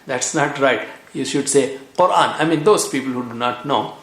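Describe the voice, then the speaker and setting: A man from Asia, teaching Quran reading in a patient way and repeating each sound slowly for practice. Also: mid-range voice. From South Asia. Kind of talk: recorded language lesson. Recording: echoey room.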